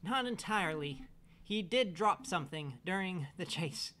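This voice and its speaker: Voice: medium pitch, expressive, normal speed, pushed and bright. A player doing an eager sparrow sidekick.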